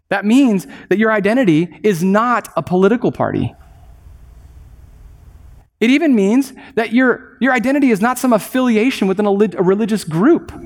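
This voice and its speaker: A man preaching a sermon in an earnest, emphatic way, slowing down to stress key words. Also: high-pitched, big-room sound.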